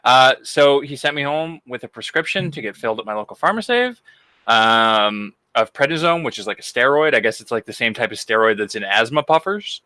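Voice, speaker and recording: A man's voice: mid-range voice, animated, brisk, pushed and bright, clean tone, no room sound. A man co-hosting a podcast, telling a story in a casual, profane way. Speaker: podcast co-host.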